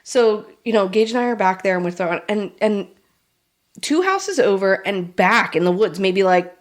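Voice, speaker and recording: A woman telling a rambling story to a friend on a podcast, her pitch sitting in a middle range. She swears freely and jumps into the voices of the people she quotes. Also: moderate pace. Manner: animated storyteller, swears a lot, acts out quotes. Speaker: podcast co-host. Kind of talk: casual chat.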